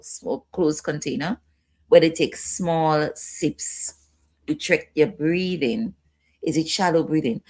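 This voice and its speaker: A woman's voice: sits low, a little mellow. A woman instructor giving a training lecture, repeating key points and checking in with her listeners.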